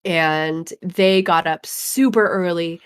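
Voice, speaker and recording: A woman co-hosting a live podcast, telling a story in a lively way and acting out what people said. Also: lowish voice, slow, clear, resonant tone. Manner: animated storyteller, acts out quotes. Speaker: podcast co-host. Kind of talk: casual chat, storytelling.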